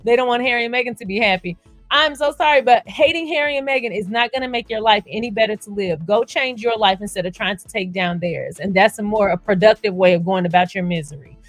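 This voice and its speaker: A woman's voice: mid-range voice, fast, dry recording, faint music behind. A woman hosting a livestream, blunt and sarcastic, reading viewer comments and laughing often. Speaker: livestream host.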